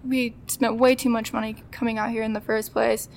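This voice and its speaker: A gravelly, fairly high voice with a level tone comes from a woman in her twenties speaking a little fast, over a faint hiss or hum. Guesting on a podcast, she chats through a casual story, acting out people's lines and laughing frequently.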